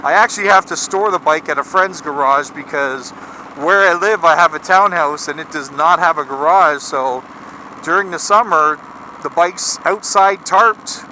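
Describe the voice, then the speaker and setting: A man's voice: a little high, normal speed, pushed and bright, a little hiss or hum, low-quality recording. A Canadian man chatting casually outdoors for his motorcycle vlog, rambling with lots of fillers and restarts. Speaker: motorcycle vlogger.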